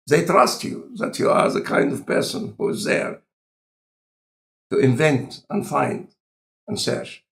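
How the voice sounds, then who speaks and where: A man with an Egyptian accent and a non-native speaker of English, talking in a relaxed, conversational lecture style with deliberate, halting phrasing. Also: on the high side, creaky. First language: Arabic. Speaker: scientist in conversation.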